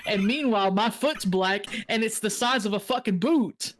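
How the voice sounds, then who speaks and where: A man, a guest co-streamer, telling a profane and animated story in casual chat. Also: high voice, moderate pace. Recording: steady background noise with clicks.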